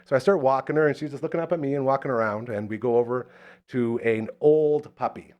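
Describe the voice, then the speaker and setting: A man hosting a live local talk show, telling stories in a casual, animated way and acting out the voices in them. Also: medium pitch, a little fast, dull audio. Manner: animated storyteller, acts out the voices in his stories. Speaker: radio show host.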